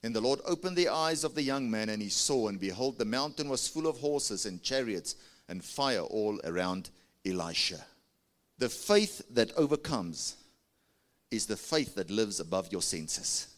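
A South African man, a pastor, preaches to his church with lively intonation and an unhurried pace. His pitch swings widely as he coaxes the congregation to answer and raise their hands.

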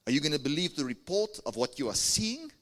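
A man's voice: sing-song, a little fast, fairly bright tone. A male pastor with a South African accent preaching a sermon to his church, urging the congregation to answer and raise their hands. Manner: preaching with big pitch swings, coaxing the congregation.

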